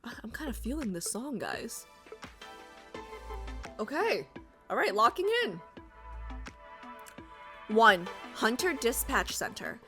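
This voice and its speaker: Bright-voiced woman reading a game story. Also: fairly high pitch, big pitch swings, takes it slowly, pauses often, faint music behind. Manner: chatty, jokey asides. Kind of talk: casual story reading with asides.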